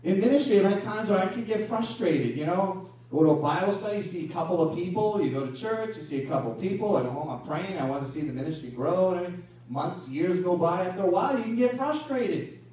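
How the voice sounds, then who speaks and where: Male pastor, high voice, lively sermon delivery, distant mic in a very roomy hall. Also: brisk. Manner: animated preaching with rhetorical questions. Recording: echoey room from a distance.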